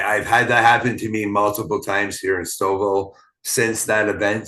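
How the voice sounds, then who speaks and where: A man from Canada hosting a podcast, talking in a casual, rambling way with many fillers and halting restarts. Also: sits low, pushed and bright. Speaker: podcast host. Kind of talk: casual interview chat. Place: small town.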